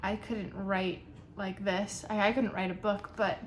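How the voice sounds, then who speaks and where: A young woman reviewing a book in a casual, chatty way, nitpicky and animated. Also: mid-range voice, unhurried, a little hiss or hum. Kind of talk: casual chat.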